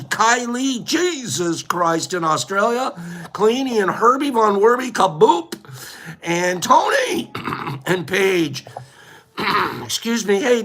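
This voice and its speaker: Lively, playful live-stream host man. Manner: animated, playful, rambling with fillers and sudden high whoops. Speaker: livestream host. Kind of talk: casual live-stream chat with viewer shout-outs.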